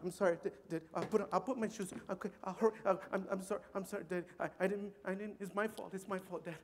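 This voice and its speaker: Scared crying little girl played by a man, stammering sorry, soft and shaky, long hall echo. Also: sits high, fairly even intonation, fast talker. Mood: tearful, apologetic. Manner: sobbing, stammering apologies.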